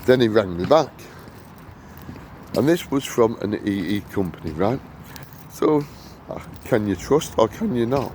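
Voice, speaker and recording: A man's voice: fairly low pitch, lively intonation, measured pace, long pauses. Rambling man on a noisy street. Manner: repetitive, emphatic, digressive. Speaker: vlogger. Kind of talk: rambling to-camera monologue. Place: outdoors on a busy street. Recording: street traffic noise. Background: loud traffic.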